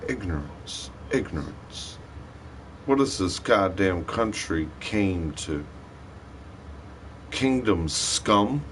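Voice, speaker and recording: A man's voice: low-pitched, expressive, extremely slow, pauses often, a bit bright, a little hiss or hum. A man on a livestream, ranting in an angry, profane and repetitive way. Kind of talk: rambling livestream rant.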